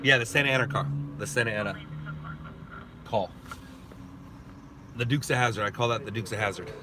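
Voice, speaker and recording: A man from Southern California, streaming live and chatting with viewers, talking slowly and carefully. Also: fairly low pitch, noisy background. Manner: slow, deliberate talk, reads and answers viewer chat. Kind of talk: casual live stream chat.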